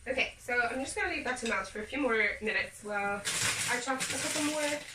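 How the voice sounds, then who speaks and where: A home baking vlogger talks quickly in a voice that sits high, cheerfully guiding viewers through each step as she bakes in a casual kitchen demonstration. Heavy background noise fills the recording. The kitchen is echoey and the mic a little far away.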